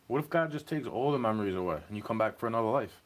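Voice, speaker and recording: A man's voice: mid-range voice, lively intonation, racing. A young man ranting in a rambling, agitated monologue, swearing as he talks to a stream chat.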